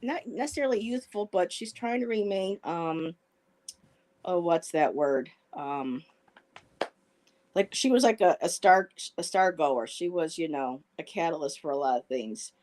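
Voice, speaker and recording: A woman with a somewhat low voice joins a relaxed live-stream chat as a guest. She tells stories with animation, stopping now and then to search for a word, heard through a plain home webcam mic. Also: measured pace. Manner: animated storyteller, searching for words. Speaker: guest reader.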